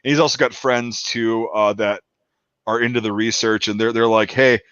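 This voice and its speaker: A man's voice: lowish voice, steady tone, normal speed, a bit bright, smooth, no echo. Rambling man on a dull dry call. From Wisconsin. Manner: rambling, quotes others in put-on voices. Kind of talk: casual podcast chat.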